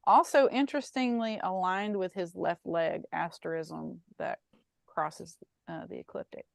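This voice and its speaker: A woman's voice: fairly low pitch, unhurried, creaky, dry recording. Playful, chatty woman podcast co-host. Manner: animated, playful storytelling with laughs and asides. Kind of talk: casual podcast chat.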